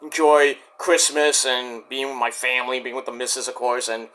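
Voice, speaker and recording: A man's voice: mid-range voice, level tone, normal speed, sharp tone. A man in his forties talking to camera in a casual, rambling vlog, blunt and defiant, swearing often. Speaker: vlogger.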